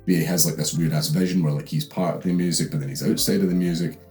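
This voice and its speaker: A man's voice: low-pitched, fairly even intonation, fast, darkish tone, soft background music. A young Scottish man hosting a comedic book recap, rambling with lots of fillers and swearing. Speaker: host.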